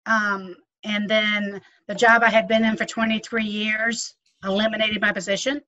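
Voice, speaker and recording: A woman's voice: medium pitch, little pitch movement, moderate pace, sharp tone. A middle-aged woman real estate agent answering interview questions frankly and matter-of-factly. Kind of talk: testimonial interview. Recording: dull, muffled lo-fi audio.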